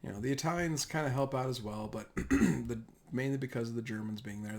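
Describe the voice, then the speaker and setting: A man's voice: medium pitch, fairly quick. A man giving a casual, rambling history lecture over slides, often correcting himself mid-sentence. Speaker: history teacher.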